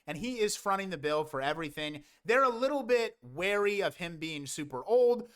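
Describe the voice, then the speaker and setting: A man's voice: a little high, fairly bright tone, clean tone. A young man giving a casual, exasperated movie review, sarcastic and swearing often.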